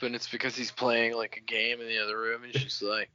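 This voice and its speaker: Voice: mid-range voice, brisk, a crowd in the background. A podcast co-host joking around playfully in casual chat. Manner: playful, jokey, lively delivery. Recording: dry, slightly dull sound.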